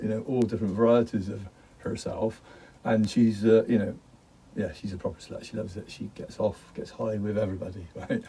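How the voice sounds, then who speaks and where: A man's voice: fairly low pitch, warm tone, far from the mic, a little hiss or hum, poor audio. A middle-aged man vlogging from his garden, rambling in a jokey way and laughing often. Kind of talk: rambling casual monologue.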